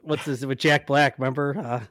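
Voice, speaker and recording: A man co-hosting a podcast in casual chat, rambling and trailing off quietly. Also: mid-range voice, level tone, moderate pace. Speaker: podcast co-host.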